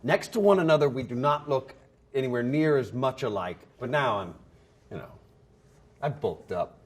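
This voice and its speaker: A man's voice: mid-range voice, normal speed. A man telling stories in a casual interview, acting out voices as he goes. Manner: lively storyteller who acts out voices. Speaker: actor interviewee.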